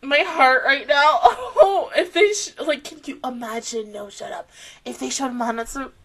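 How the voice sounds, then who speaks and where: Excitable high bright-voiced woman. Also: normal speed, a little hiss or hum. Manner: excitable, emotional, rambling. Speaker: anime reaction vlogger. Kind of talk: casual reaction commentary.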